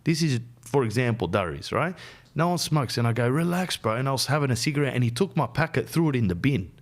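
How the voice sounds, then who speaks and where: A man's voice: medium pitch, expressive, fast. An Australian man hosting a podcast, giving blunt, slangy life advice in a casual monologue. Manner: blunt and slangy, keeps calling the listener "bro". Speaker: podcast host.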